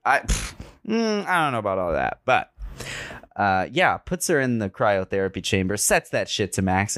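A man's voice: on the low side, a bit bright, dry recording, studio quality. A young man hosting a podcast, recapping a movie in a campy, slangy, profane way. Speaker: podcast host.

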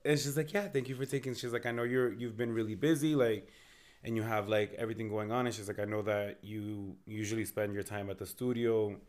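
A man's voice: on the low side, brisk. Man in his thirties telling a story. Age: 30s. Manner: animated storytelling, profane, jokey. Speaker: podcast co-host. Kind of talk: casual chat.

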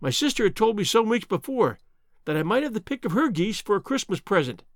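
A man's voice: sits high, sing-song, fairly quick, no room sound, studio quality. A male storybook narrator reading a nervous young jewel thief's confession in an earnest, storytelling cadence. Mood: confessing. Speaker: audiobook narrator.

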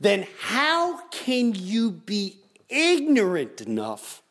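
A man's voice: high-pitched, wildly swooping pitch, very slow, fairly bright tone. A middle-aged man hosting a podcast, ranting comedically and mimicking other people in raised voices. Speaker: podcast host. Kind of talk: animated comedic rant.

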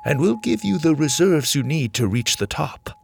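A man voicing a solemn, wise male servant of light, speaking in a slow and grave way. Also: on the high side, sing-song, creaky, a little hiss or hum, pitched above the performer's own voice.

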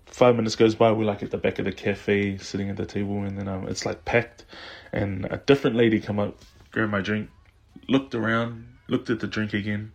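A man's voice: fairly low pitch, level tone, a little fast, creaky. A man telling a story in a voice message, in a shy, chuckling way. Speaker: listener sending in a story. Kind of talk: recorded voice message.

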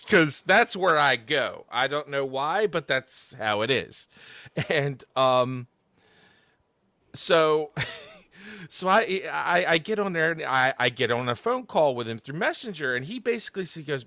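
Bright-voiced man telling a rambling story. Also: medium pitch, animated, measured pace, dry recording. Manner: rambling storyteller with many restarts. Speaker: podcast host and audio drama creator. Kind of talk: casual podcast chat.

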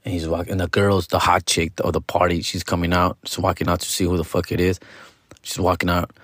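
A man's voice: sits low, little pitch movement, fast talker, a bit bright, no echo, clean studio sound. A young adult man telling a casual anecdote, slangy and profane, constantly tossing in fool and dude. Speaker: storyteller.

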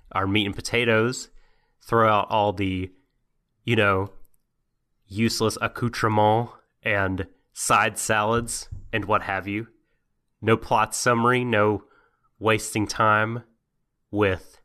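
Low, bright-voiced man co-hosting a podcast. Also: steady tone, takes it slowly. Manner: wry, joking asides. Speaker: podcast co-host. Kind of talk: casual podcast chat.

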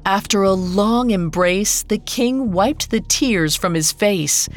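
A woman telling a fairy tale as a scripted podcast narration, measured and unhurried. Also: mid-range voice, soft background music. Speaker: storyteller.

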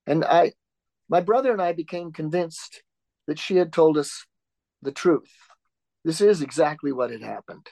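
An older man speaks in a reflective, storytelling way, often restarting his sentences. His voice sits a touch higher than most men's. The recording is dry and close, with no room sound. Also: moderate pace, gravelly, pauses often, darkish tone, no room sound. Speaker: author and interview guest. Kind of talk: conversational interview.

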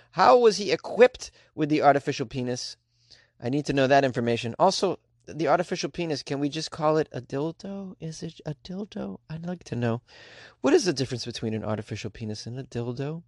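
A man's voice: medium pitch, dry recording, clean studio sound. A man hosting a comedic weird-news podcast, reading stories and riffing on them sarcastically. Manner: sarcastic, jokey, puts on silly voices. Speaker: podcast host.

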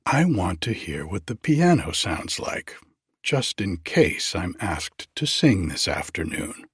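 A man's voice: sits low, very animated, slow, slightly rough, dry recording, clean studio sound, full character voice. A man reading aloud, voicing a bossy young woman who loves giving orders with theatrical flair. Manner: commanding, theatrical.

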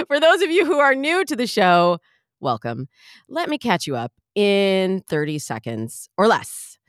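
Animated woman podcast host, dry close sound. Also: medium pitch, measured pace, dry recording. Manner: bubbly, animated, playful. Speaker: podcast host and dating coach. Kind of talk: podcast monologue.

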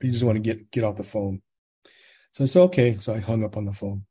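Man, 60s, from California, podcast guest, warm dark tone, raspy edge, acts out dialogue as he tells the story. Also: fairly low pitch, fast talker. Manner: animated retelling, quotes dialogue, frequent tag questions. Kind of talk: personal storytelling in conversation.

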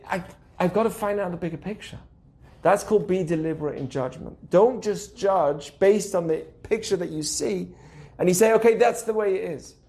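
A young adult man hosting a casual teaching podcast, animated and acting out the voices he quotes. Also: high-pitched, vocal fry. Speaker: podcast host.

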